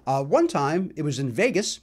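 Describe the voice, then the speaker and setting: A middle-aged male comedian hosting his own podcast, telling self-mocking stories about records, with loud bursts and mumbled asides. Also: fairly high pitch, very animated, moderate pace, slightly rough. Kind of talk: comic solo monologue about records.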